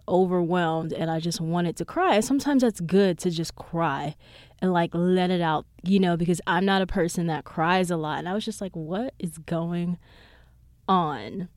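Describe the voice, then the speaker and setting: Young woman talking on her podcast, kinda low voice, rambly and animated, lots of likes, dry mic. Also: no room sound. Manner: chatty, rambling, frequent "like" and "um"; animated, jumps up in pitch when retelling reactions. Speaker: podcast host. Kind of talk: casual solo podcast chat.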